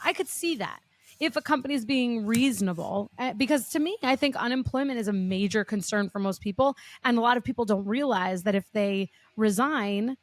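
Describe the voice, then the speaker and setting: Woman, podcast host, human resources view, thoughtful, fairly high voice, dry close sound. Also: brisk, no room sound. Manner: thoughtful, hedging with fillers. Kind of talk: conversational podcast talk.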